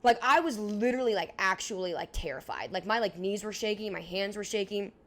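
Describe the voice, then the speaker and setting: A young woman in her twenties co-hosting a podcast, telling a story in a casual, animated way, filling it with "like" and acting out what people said. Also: medium pitch, brisk. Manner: animated, heavy use of "like", acts out dialogue. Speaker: podcast co-host.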